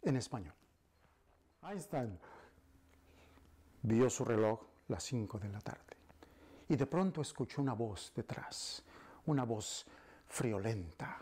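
Male storyteller, slow dramatic telling, husky voice, frequent whispers. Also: lowish voice. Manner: hushed, dramatic, often whispering.

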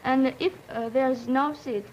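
A woman's voice: high-pitched, fairly even intonation, a little slow, darkish tone, dull audio, a little hiss or hum. A young woman from Japan with a Japanese accent, speaking English hesitantly and searching for words. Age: late teens. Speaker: exchange student panelist.

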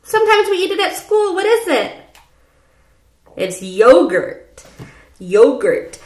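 A woman teaching a preschool phonics lesson from home, speaking slowly and repeating letter sounds for young children. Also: sits high, big pitch swings, reverberant. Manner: slow, sing-song, repeats sounds for children. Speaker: pre-K teacher.

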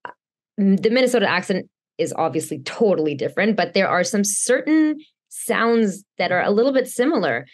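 A woman's voice: mid-range voice, sing-song, a little fast. A woman actor in a casual interview, talking in chatty bursts with small restarts.

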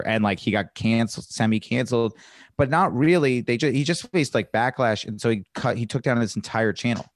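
A comedian guesting on a podcast, telling stories eagerly in casual chat with lots of filler words. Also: male voice, fairly low pitch, a little fast, no echo. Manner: enthusiastic storyteller, heavy on "like" fillers.

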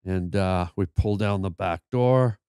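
A man telling a long story on a podcast, animated and full of stammered restarts. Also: low-pitched, measured pace, clean tone, dry recording, clean studio sound. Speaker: podcast guest. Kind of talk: storytelling in casual chat.

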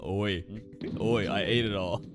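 A man's voice: fairly low pitch, fairly even intonation, measured pace, over music. A man hosting an anime reaction, chatting casually with slang, jokes and frequent laughs. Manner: chatty, laughs often, playful slang and mock shouts.

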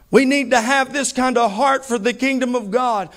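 High-voiced preacher man. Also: normal speed. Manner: fervent, emphatic preaching with heavy repetition. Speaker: pastor. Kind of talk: sermon.

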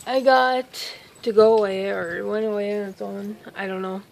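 A woman's voice: medium pitch, fairly even intonation, normal speed, creaky, a little mellow, a little hiss or hum, rough recording. A woman vlogger telling a story in a casual, rambling way, outdoors in a yard and filming on a phone she holds herself, with lots of exclamations and self-interruptions.

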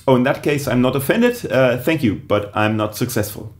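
A man's voice: medium pitch, animated, moderate pace, hardly any pauses. A man, a comedian giving a dry, sarcastic vlog to the camera.

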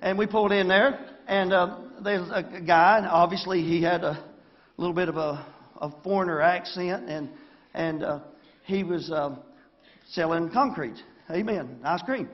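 Speaking at a moderate pace in a high-pitched voice, an Arkansas pastor with a Southern accent gives a folksy sermon in the church sanctuary. He often asks for an amen, and the audio is lo-fi.

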